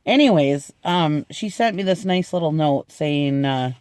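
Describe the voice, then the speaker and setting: Gushing middle-aged man, slightly high voice. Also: expressive, unhurried, darkish tone, smooth, dry recording, clean studio sound. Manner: gushing, chatty, laughs often. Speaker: unboxing vlogger. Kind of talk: casual unboxing chat.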